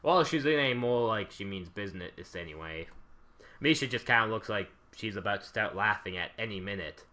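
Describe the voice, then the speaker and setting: A man's voice: fairly low pitch, lively intonation, moderate pace, pushed and bright. A man hosting a let's play, reading a visual novel's narration aloud with wry ad-libs. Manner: wry, ad-libbing between narration.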